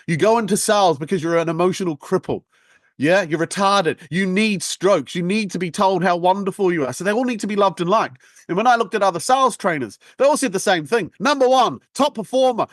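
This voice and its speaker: A man with a notably high voice tells his story bluntly and provocatively as an interview guest. His delivery is lively and cocky, and the recording is dry and close. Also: no echo. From United Kingdom. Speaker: guest, sales trainer.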